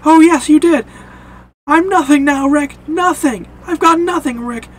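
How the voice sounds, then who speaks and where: A man voicing a desperate, grief-stricken armed man who pleads and shouts in a cracking voice. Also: very high-pitched, a little fast, a little hiss or hum, voice pushed up. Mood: despairing.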